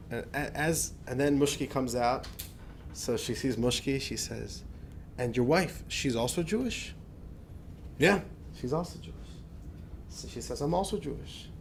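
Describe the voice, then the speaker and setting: A man, a rabbi, tells a personal anecdote to a class in a lively, conversational way, restarting phrases as he goes. His voice sits at an ordinary pitch for a man. A faint low rumble runs under the recording. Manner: animated anecdotal storytelling with many restarts. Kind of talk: storytelling lecture.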